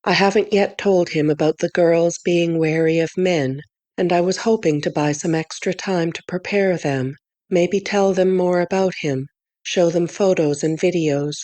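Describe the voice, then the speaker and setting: A woman narrating a first-person novel in an audiobook, with measured, clear storytelling on a close studio mic. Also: fairly low pitch, warm tone, no room sound.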